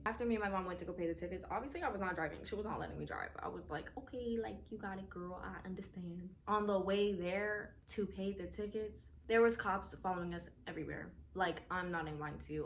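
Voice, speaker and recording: A young adult woman vlogger, telling a storytime casually, animated and swearing freely. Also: on the low side, a little hiss or hum.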